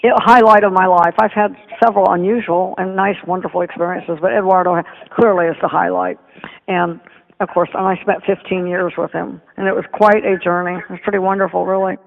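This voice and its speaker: An older woman telling stories as a podcast guest, animated and acting out the voices of people she quotes. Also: on the low side, fairly quick, creaky. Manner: animated storyteller who acts out quoted speech. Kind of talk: reminiscing interview storytelling. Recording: tinny phone line with long reverb.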